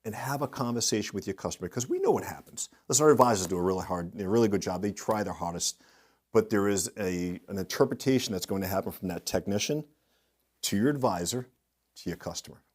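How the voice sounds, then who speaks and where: A middle-aged man speaking as a guest in an interview, telling lively anecdotes and acting out the voices of people he quotes. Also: on the low side, fast talker. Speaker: guest speaker, industry consultant. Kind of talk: storytelling in a podcast interview.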